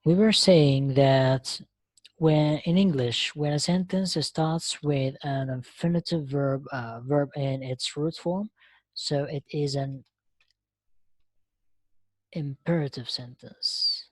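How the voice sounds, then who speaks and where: A woman's voice: low voice, a little mellow, no room sound. A woman teaching a live online English lesson, explaining patiently and often checking that students follow. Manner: slow explaining, frequent checking questions. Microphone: online lesson connection.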